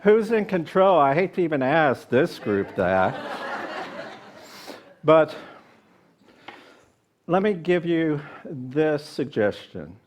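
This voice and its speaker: A man's voice: on the high side, sing-song, slow, long pauses, noisy background. A man minister giving a sermon to a congregation, a jokey storyteller who turns reflective when he teaches. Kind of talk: sermon with jokes and readings. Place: spiritual center service before a live audience.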